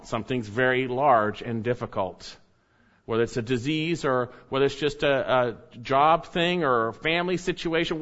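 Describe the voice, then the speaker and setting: A man delivers a sermon in a voice pitched somewhat high for a man, earnest and measured. He leans into key phrases as he teaches. The recording is dull and lo-fi. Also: a bit bright. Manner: earnest preaching, reads scripture aloud with rising emphasis. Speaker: pastor.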